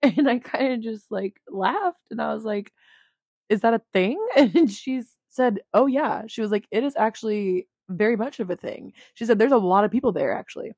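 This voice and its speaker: A woman's voice: mid-range voice, darkish tone, no room sound, studio quality. A young woman with a Texan accent hosting a solo podcast, chatting casually and confessionally, laughing often and full of "like" fillers. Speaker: podcast host.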